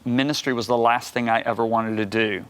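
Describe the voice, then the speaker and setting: A guest minister in his sixties shares his testimony on a TV talk show set, full of energy and imitating the people he quotes. His medium-pitched voice is smooth and fairly even in intonation, and he talks a little fast.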